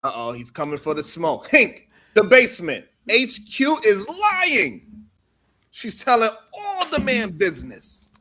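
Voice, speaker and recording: A man's voice: sits high, wildly swooping pitch, measured pace, sharp tone. A man hosting a casual live-stream panel chat over a video call, playful and teasing, laughing often. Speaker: talk show host.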